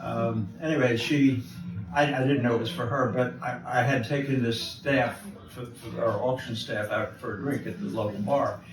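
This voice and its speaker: An older American man tells stories to a live audience, restarting his sentences and chuckling as he goes. His voice is mid-pitched and sits a little away from the mic. The room has a noticeable echo, with faint chatter around it. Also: fairly even intonation, moderate pace. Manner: rambling storyteller with many restarts and laughs. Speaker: guest jeweler. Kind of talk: telling anecdotes on stage. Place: live event before an audience. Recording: distant echoey room mic, live event.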